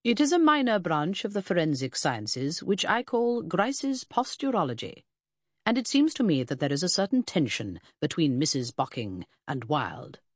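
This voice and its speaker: A woman's voice: sits low, sing-song, normal speed, dry recording, studio quality. A woman voicing a pompous, pedantic middle-aged male detective in an audiobook, speaking in a lofty, formal, clipped way. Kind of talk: audiobook character reading.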